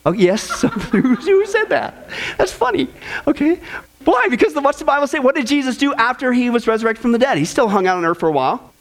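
A man preaching a sermon to a congregation, telling jokes and stories in an animated way. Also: very high voice, quick pace. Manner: animated, joking storyteller. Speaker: pastor. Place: church before a congregation.

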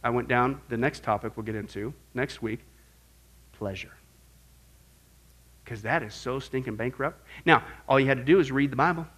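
A middle-aged man teaching a Bible class in an animated sermon style, swinging from quiet asides to loud exclamations. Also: medium pitch, moderate pace, long pauses.

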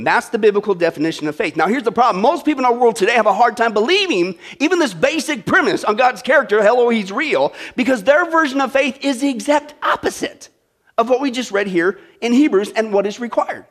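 High-voiced, joking male preacher. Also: animated, brisk, fairly bright tone. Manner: conversational, joking, frequent "right?" and "okay?" checks. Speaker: pastor. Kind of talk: sermon.

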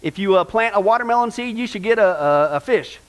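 A man's voice: sits high, expressive, a little fast. A man pastor giving a folksy sermon, often asking the congregation questions.

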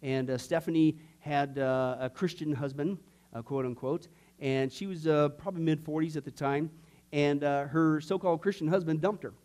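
Male pastor, middle-aged, fairly high voice, teaching class, anecdotal storytelling, fillers and jokes, dramatic swings in loudness. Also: fairly even intonation, moderate pace. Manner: acts out quoted voices, rising loud and dropping to near whisper. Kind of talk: sermon-style teaching class.

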